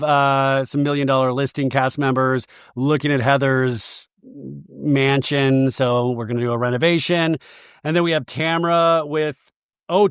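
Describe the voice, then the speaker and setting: A man hosting a podcast, recapping in a gossipy, animated style with quick asides. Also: on the high side, clear, resonant tone, no echo, studio quality. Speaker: podcast host. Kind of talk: casual comedic recap.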